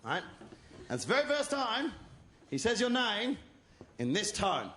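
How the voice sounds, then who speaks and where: A man's voice: high voice, sing-song, moderate pace. An Australian man doing a crude, mocking stand-up routine and teasing the crowd. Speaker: stand-up comedian. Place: comedy venue with live audience. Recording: echoey live venue, loud crowd laughter.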